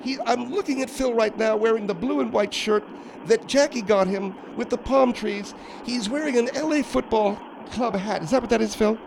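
A man's voice: very high voice, normal speed, gravelly, noisy background, voice pushed up. A man voicing a nosy, fussy older woman who mocks and criticizes in a raised voice. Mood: mocking. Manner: prying, mocking.

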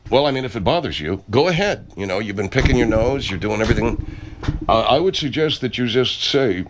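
A man's voice: mid-range voice, lively intonation, a little fast, noisy background. A man playing a studio owner who meekly rambles and interrupts in an improvised comedy sketch.

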